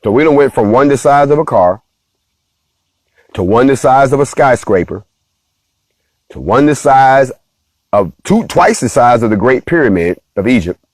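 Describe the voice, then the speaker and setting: A man hosting a casual, animated monologue, playfully talking straight to his viewers. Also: mid-range voice, normal speed, long pauses, no room sound. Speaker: host of a talk stream.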